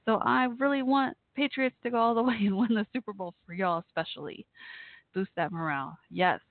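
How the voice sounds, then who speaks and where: A woman's voice: medium pitch, fairly quick, no echo. Giggly woman on a tinny line. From Texas. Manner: chatty and giggly, with frequent laughs and fillers. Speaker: talk show host. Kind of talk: casual call-in radio chat.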